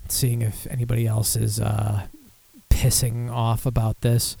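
A man's voice: medium pitch, level tone, moderate pace, gravelly, mellow, no echo. A man hosting a podcast, reading news aloud in a loose, casual way with profane, sarcastic asides. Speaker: podcast host.

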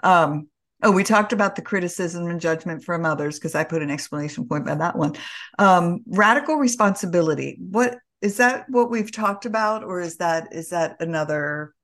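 Casting: woman podcast host, effusive, low-pitched, quick to laugh. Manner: effusive, exclaims often, laughs while telling stories. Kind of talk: casual interview conversation.

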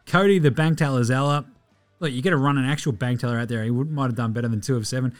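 A man with an Australian accent hosting a casual basketball recap podcast, sweary and excitable, mocking players in silly voices. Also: medium pitch, fast, faint music behind. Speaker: podcast host.

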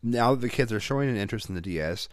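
A man in his thirties, a parent, telling a profane, animated story in casual chat. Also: medium pitch, very fast, no echo, studio quality.

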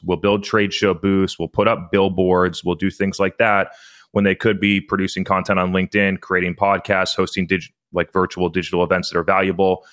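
A company founder speaks in a very deep, flat voice, rattling off examples one after another in an easy, fluent flow. The sound is dry and close. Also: male voice, dry recording. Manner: fluent, listing points in quick succession. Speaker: business founder. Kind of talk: conversational business talk.

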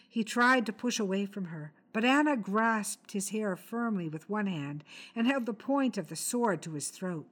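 A woman reading a short story aloud in a measured, expressive storytelling manner. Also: mid-range voice. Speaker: story reader. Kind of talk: scripted narration.

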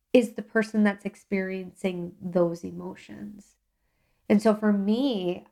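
A woman hosting a self-help podcast, talking in a calm, gently encouraging, reflective way. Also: mid-range voice. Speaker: podcast host.

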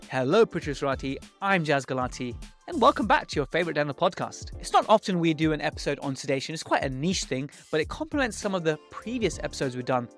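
Male dentist-host, slightly raised pitch, earnest and reflective delivery over faint background music. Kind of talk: podcast intro and monologue.

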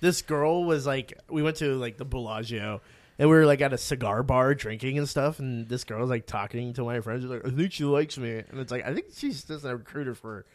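A man's voice: mid-range voice, brisk, dry recording, studio quality. A young man co-hosting a podcast, rambling through funny stories with lots of swearing and laughter. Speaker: podcast co-host. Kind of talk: casual chat.

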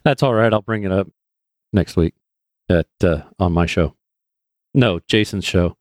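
A man's voice: deep voice, unhurried, no echo, studio quality. A man co-hosting a podcast, joking and self-deprecating in casual banter. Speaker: podcast co-host.

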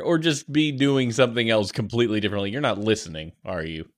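A man co-hosting a podcast, chatting casually in a goofy, excitable way and laughing easily. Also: mid-range voice, fast, hardly any pauses. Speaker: podcast co-host. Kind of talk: casual chat.

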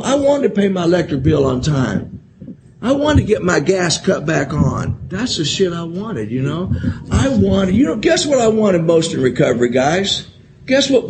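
In a personal recovery share, a man talks directly to a convention audience, candid and profane, repeating phrases for emphasis and growing emotional at times. His voice sits on the high side, with a noisy background.

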